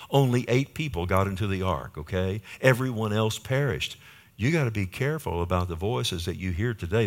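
A pastor preaching a sermon with emphatic repetition, calling out "amen?" to the congregation. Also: male voice, on the low side. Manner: emphatic, repeats key phrases, calls for amen.

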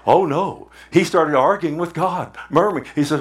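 A man's voice: on the high side, normal speed, few pauses. A man preaching a sermon in a conversational way, asking the congregation questions and repeating words for emphasis. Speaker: pastor.

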